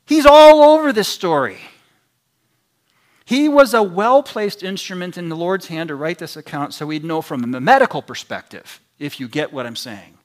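Guy preaching a sermon, earnest and emphatic, voice a bit on the high side. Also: lively intonation, moderate pace. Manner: earnest, emphatic preaching with rising and falling intensity. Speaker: pastor.

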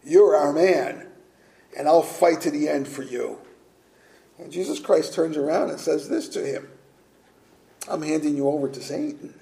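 A man's voice: a little high, lively intonation, a little slow, vocal fry, long pauses, dark tone, roomy sound, low-quality recording. A man preaching a sermon as pastor, earnest and direct, asking his listeners rhetorical questions.

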